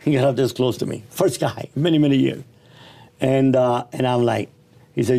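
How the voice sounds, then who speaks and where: A middle-aged man telling his life story in a casual, animated, slangy and blunt way. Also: mid-range voice, moderate pace, gravelly.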